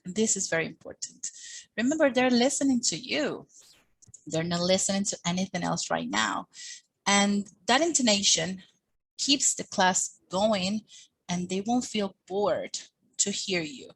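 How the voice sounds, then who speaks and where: A woman giving a teacher training talk, speaking with lively, expressive intonation and acting out little quoted exchanges. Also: mid-range voice, a little slow, gravelly, husky, low-quality recording. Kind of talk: teaching workshop presentation.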